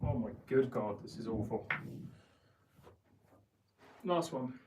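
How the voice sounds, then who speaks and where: A man's voice: medium pitch, slow, distant mic. Guy streaming pool, chatty n frank about his bad shots, noisy echoey room. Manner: chatty, frank and self-critical. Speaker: pool player streaming live. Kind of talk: casual live-stream chat. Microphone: head-mounted camera.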